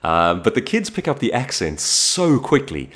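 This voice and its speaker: A man's voice: medium pitch, moderate pace. A man from South Africa with a South African accent, telling stories in a casual monologue to camera with frequent restarts. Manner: animated storytelling with frequent restarts. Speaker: vlogger.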